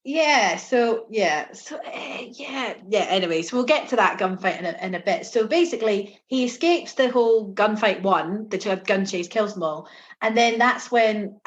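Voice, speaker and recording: A woman co-hosting a movie review podcast, chatting casually, sarcastic and quick to laugh. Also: medium pitch, lively intonation, lo-fi sound. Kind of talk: casual chat.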